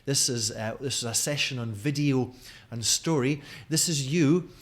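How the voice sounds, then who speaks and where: Mild Scottish man in his forties, teacher trainer talking to camera, friendly and chatty, middle pitch. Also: normal speed. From Scotland. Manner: friendly and chatty, with many fillers. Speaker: teacher trainer giving a conference talk. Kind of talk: recorded video talk to camera. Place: home at night. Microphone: camera in front of him.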